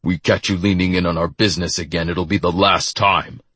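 A man's voice: low-pitched, steady tone, fairly quick, bright, forceful tone, breathy edge, no echo, full character voice. A man voicing a tall, menacing exterminator who snarls a threat in a storybook reading. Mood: threatening.

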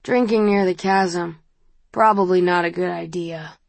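A woman reading the part of a drunk, relaxed young man who speaks slowly and softly, in a lowish voice. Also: creaky, no room sound. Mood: soft, teasing.

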